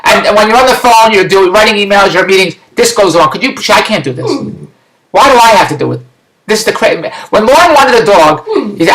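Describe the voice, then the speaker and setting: Middle-aged man vlogger, rambling exasperated rant, bright sharp tone, echoey room. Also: high voice, lively intonation, a little fast. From Philadelphia. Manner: rambling, exasperated, loud rants. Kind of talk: ranting video blog.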